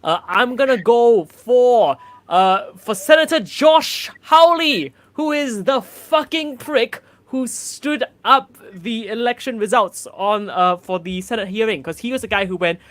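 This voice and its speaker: A man's voice: very high voice, lively intonation, unhurried, hardly any pauses, fairly bright tone, no echo. A man from Singapore, a guest comic, ranting crudely and sarcastically on a comedy panel.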